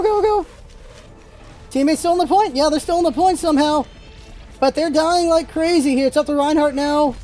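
A high, bright-pitched voice commentating live gameplay, jumping into urgent callouts and cheers at teammates. Quiet music plays faintly underneath the talk. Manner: excitable, rapid callouts to teammates. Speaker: gaming channel host.

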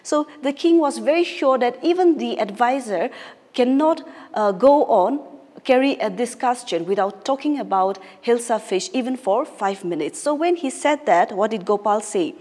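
A woman's voice: a little high, expressive, normal speed, a little mellow. A woman English teacher from Nagaland, India, patiently explaining a story to her class and rephrasing each line. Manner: patient, explanatory, rereads and paraphrases lines. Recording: echoey room with long reverb.

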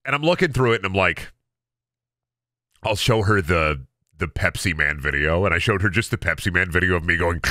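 A man's voice: low voice, lively intonation, moderate pace, pauses often, pushed and bright, no room sound. A man in his thirties chatting casually on a gaming stream, telling rambling stories full of stammers, restarts and bursts of laughter. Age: 30s.

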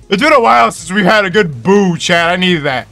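A young man streaming live, chatting casually with his viewers in an excitable, profane, hyped-up way. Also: sits high, vocal fry. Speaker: Twitch streamer. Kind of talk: casual livestream chat.

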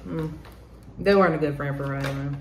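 A woman giving a casual tarot reading to the camera, excitable, laughing often and swearing freely. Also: low-pitched, a little fast, a little hiss or hum. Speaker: tarot reader. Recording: roomy echo.

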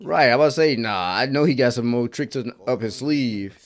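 A man's voice: medium pitch, a little fast. A man hosting an anime reaction video, talking in casual, slangy commentary, exclaiming and laughing often.

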